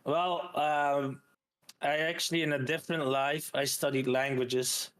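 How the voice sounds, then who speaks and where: A man with a Flemish Belgian accent chats loosely on a live stream. His voice sits a little on the high side, and he rambles along with plenty of hesitations. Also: flat delivery, unhurried, fairly bright tone. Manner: chatty, rambling with many hesitations. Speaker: streamer host. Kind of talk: casual stream chat.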